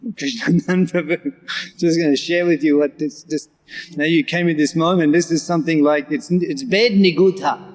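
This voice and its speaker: A man with a slightly higher voice teaches scripture in a large temple hall, and a long reverb trails after his words. He draws out verse lines slowly and repeats them before he explains them with animated energy. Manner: animated, with occasional laughter. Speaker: scripture lecturer.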